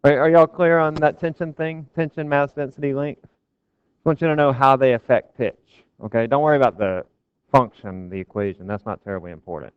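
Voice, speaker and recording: A man's voice: mid-range voice, a little fast, clean tone, no room sound. A man giving a physics lecture to a class, casual and joking with his students. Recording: dull, dry lecture recording.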